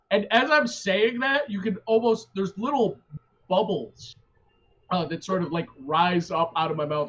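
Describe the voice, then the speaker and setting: A man's voice: high-pitched, a little slow, a bit bright, dull audio. A man playing a tabletop game over a video call, describing his character's actions in a chatty, hesitant way. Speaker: player.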